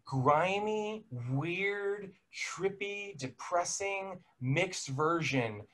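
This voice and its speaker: A man's voice: sits high, expressive, extremely slow, a bit bright. A young man recapping a film in a casual podcast chat, rambling and self-correcting, laughing now and then.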